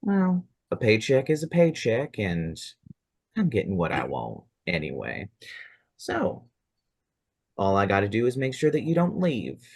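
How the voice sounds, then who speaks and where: A man's voice: on the low side, huge pitch swings, measured pace, gravelly, darkish tone, no room sound, clean studio sound, full character voice. A man doing a smug drawling cowboy gunslinger. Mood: menacing.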